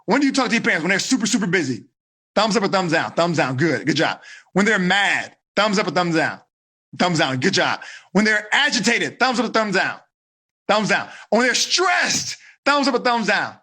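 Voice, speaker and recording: A lively male coach teaching teenagers, his voice high, bright and a little husky. He swoops all over his range as he acts out little conversations and keeps asking the class for thumbs up or down. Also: moderate pace. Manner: animated, acts out dialogues, asks thumbs up or down. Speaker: teen life coach.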